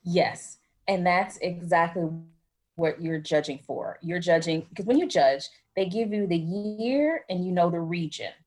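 A woman from the United States talks as a wine expert guest in an interview, chatty and animated, wandering off on tangents. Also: fairly low pitch, a little slow. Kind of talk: conversational interview answers.

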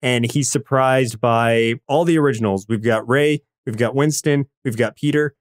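A man co-hosting a casual podcast, recapping episodes in a relaxed, explanatory way. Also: mid-range voice, moderate pace. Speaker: podcast co-host. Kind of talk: casual chat.

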